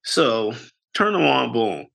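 A man co-hosting a podcast, telling a story in a casual, animated way and jumping into high voices whenever he quotes people. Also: takes it slowly, gravelly. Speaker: podcast co-host.

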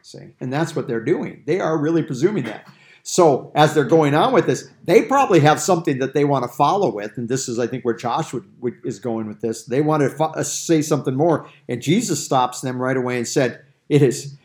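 A man's voice: mid-range voice, a little mellow. A man leading a Bible study discussion, explaining Greek grammar with everyday examples. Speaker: Bible teacher.

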